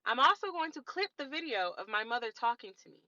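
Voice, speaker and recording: A woman's voice: a little high, big pitch swings, fast talker, pushed and bright, no echo, lo-fi sound. A woman in her late twenties from the Washington DC area, telling a personal story to her viewers in an emphatic, indignant way. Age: late 20s. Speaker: vlogger. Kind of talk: storytime vlog, talking to viewers.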